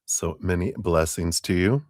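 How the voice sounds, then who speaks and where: Deep-voiced, slow-talking male tarot reader. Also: expressive, darkish tone, no room sound, studio quality. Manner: rambling, many "you know" fillers, chuckling. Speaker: tarot reader hosting a live stream. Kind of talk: live tarot reading, casual chat.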